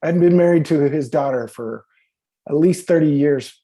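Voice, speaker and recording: A man's voice: a little high, moderate pace, dark tone. A man in his fifties, a podcast guest telling stories in a rambling, profane way, full of fillers and restarts. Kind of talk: casual conversational storytelling.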